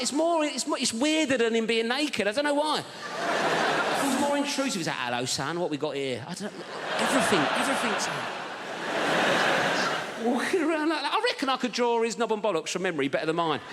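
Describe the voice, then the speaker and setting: A man with a high, lively voice tells a rambling, animated story on a theatre stage. The handheld mic picks up long hall reverb and steady noise behind him. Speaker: stand-up comedian. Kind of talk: stand-up storytelling.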